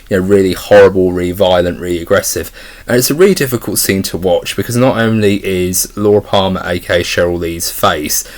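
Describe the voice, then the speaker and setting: A young man giving a casual spoken film review, rambling with many fillers and restarts. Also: lowish voice.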